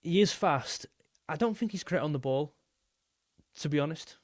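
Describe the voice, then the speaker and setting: Young man, slightly high voice, dry close mic, rambling live-stream football chat. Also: expressive, moderate pace, no echo. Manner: rambling, repeats himself, reads super chats aloud.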